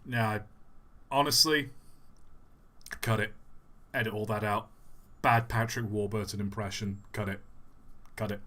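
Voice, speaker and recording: A man's voice: fairly low pitch, fairly even intonation, unhurried, pauses often, sharp tone. A young man hosting a live stream, chatting in a rambling, self-deprecating and joking way. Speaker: livestream host. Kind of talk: casual live stream chat.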